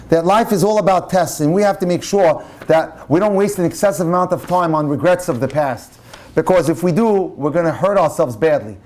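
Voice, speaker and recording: A man, a rabbi, giving an inspirational lecture full of passionate storytelling. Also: a little mellow. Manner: passionate storyteller, turning low and solemn.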